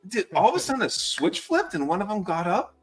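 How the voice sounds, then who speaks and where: A man's voice: sits high, brisk. An American man in his thirties, a fire patrol worker and podcast guest, telling stories casually, swearing freely and saying "dude" a lot. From United States. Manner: animated, swears freely, says "dude" often. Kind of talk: casual storytelling.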